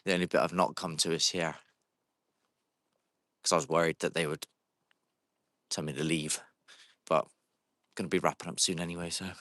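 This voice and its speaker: A man's voice: deep voice, flat delivery, normal speed, long pauses, bright, forceful tone, no echo, clean studio sound. A man hosting a paranormal livestream outdoors in a cemetery, chatting casually with viewers and calling out to spirits on a handheld phone. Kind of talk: casual live-stream chat.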